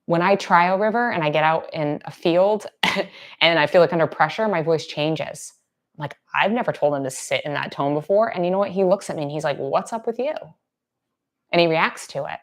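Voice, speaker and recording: A woman with a notably low voice explains dog training in a relaxed, chatty way during a live Q&A. Now and then she softens almost to a whisper to model gentle praise. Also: fairly quick. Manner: conversational, drops to soft near-whispers to demonstrate praise. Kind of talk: casual live Q&A teaching.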